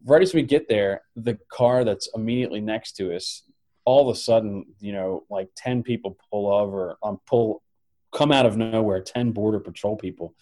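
A middle-aged man co-hosting a podcast, telling a travel story in an animated way and laughing often. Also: lowish voice, normal speed. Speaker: podcast co-host. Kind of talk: casual chat.

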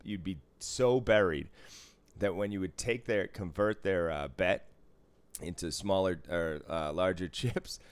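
A man's voice: low voice, a little slow, clear, resonant tone, dry recording. A man who deals at a casino, chatting casually in a blunt, joking, profane way. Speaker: casino dealer. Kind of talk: casual chat.

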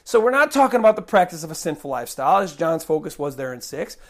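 A man's voice: on the high side, sing-song, quick pace. A man preaching a sermon with an impassioned, conversational delivery and folksy asides, sometimes acting out prayers and other voices.

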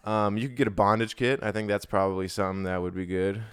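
A man's voice: on the low side, fairly even intonation, fast, smooth. A young man co-hosting a podcast, rambling through crude comedic banter. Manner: rambling, vulgar, breaks into mock rap singing. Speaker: podcast co-host.

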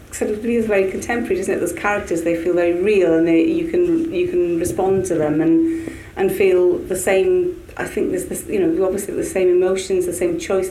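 A woman, a producer on a panel, giving measured, thoughtful answers. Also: lowish voice, dark tone, a little hiss or hum. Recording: distant mic in an echoey room.

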